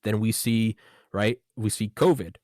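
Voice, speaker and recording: A man hosting a podcast in a casual monologue, talking in an animated way with swearing, rhetorical questions and quick asides. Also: on the low side, dry recording. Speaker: podcast host.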